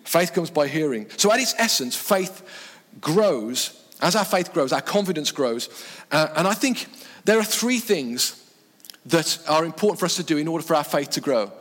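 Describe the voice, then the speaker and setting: A man preaching a sermon in earnest short phrases, dropping his voice low on key words. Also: animated, normal speed, fairly bright tone. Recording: long reverb from a hall.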